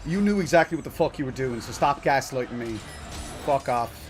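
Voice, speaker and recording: A man's voice: medium pitch, animated, brisk, background noise. A man streaming a game live, ranting in exasperation and swearing at his chat. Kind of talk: live let's play commentary. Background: game music.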